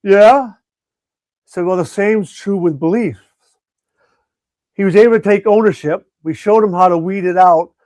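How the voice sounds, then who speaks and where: A middle-aged man with a somewhat high voice tells a personal story in an earnest, reflective way, often restarting his sentences. The recording is close and very dry, with no room sound. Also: normal speed, darkish tone, no echo. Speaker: education coach and conference speaker.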